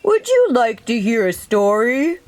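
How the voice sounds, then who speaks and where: A woman voicing a big, gentle, sleepy male bear in a storybook reading, talking slowly and softly. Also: fairly high pitch, very animated, no room sound. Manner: slow, yawning, gentle.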